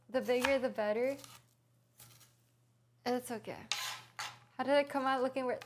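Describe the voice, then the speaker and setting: A woman's voice: a little high, moderate pace, long pauses, background noise. A woman streaming live from her home kitchen, chatting playfully while cooking and answering her chat aloud.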